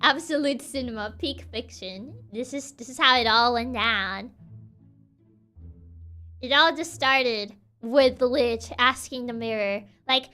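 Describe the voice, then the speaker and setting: A woman's voice: fairly high pitch, measured pace, pushed and bright, soft background music. A young woman streamer telling a story on a livestream in a playful, giggly, chatty way.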